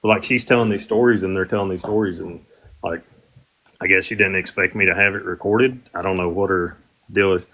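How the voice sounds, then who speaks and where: Bright-voiced man rambling on a livestream. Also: low voice, fairly even intonation, brisk. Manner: rambling, with frequent fillers and restarts. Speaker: livestream host. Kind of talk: casual livestream talk.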